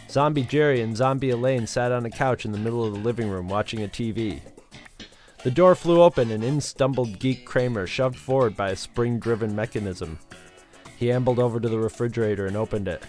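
A man's voice: medium pitch, fairly quick, soft background music. A man reading a darkly comic horror story as narrator.

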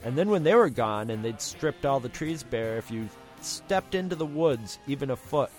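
A man's voice: medium pitch, expressive, normal speed, a little mellow, soft background music. A man co-hosting an anime podcast, chatting casually and telling rambling anecdotes. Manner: rambling storyteller who mimics folksy drawls. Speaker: podcast co-host. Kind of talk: casual chat.

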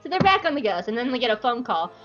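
A woman podcast co-host retelling a fan story in a casual, giggly, animated way. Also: on the high side, fast talker, soft background music. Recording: dull lo-fi podcast audio.

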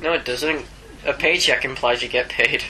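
A man's voice: medium pitch, moderate pace, sharp tone, slight background noise, low-quality recording. A man co-hosting a comics podcast in casual banter, arguing over literal details. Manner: argumentative, literal-minded. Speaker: podcast co-host.

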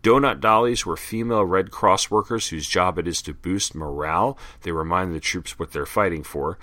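A man with a low pitch and a bright, forceful edge hosts a casual podcast. He reads terms and ads aloud and drifts into chatty asides. The sound is dry and close. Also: moderate pace, no room sound. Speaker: podcast host. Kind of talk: casual comic book podcast reading.

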